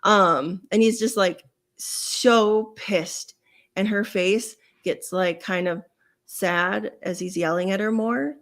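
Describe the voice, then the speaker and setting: A woman in her forties hosts a podcast with a voice of middling pitch. She tells stories in a relaxed, rambling way, keeping the chat casual. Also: takes it slowly. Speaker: podcast host.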